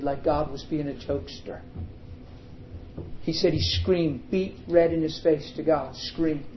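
A man's voice: fairly high pitch, muffled recording, a little hiss or hum. Dramatic storytelling preacher man. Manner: dramatic storytelling that swings from hushed to emphatic. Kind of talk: storytelling sermon.

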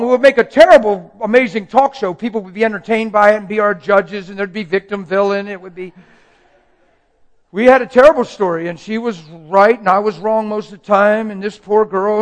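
Man, preacher, emotional testimony, dramatic storytelling, slightly high voice. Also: normal speed.

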